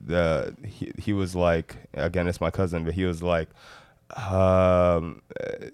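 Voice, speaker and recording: Male podcast guest from Africa, very low voice, halting storyteller with lots of "uh" and "um". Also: little pitch movement, a little mellow, clean tone, no echo. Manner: hesitant storytelling, many fillers and restarts. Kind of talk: casual chat.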